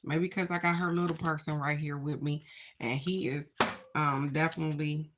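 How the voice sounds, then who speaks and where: A woman's voice: deep voice, level tone, normal speed, background noise. A woman chatting to her viewers as she draws her daily spiritual cards. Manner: chatty, spiritual, talks to viewers as "y'all" and "baby". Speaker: card reader. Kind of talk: casual daily card reading vlog.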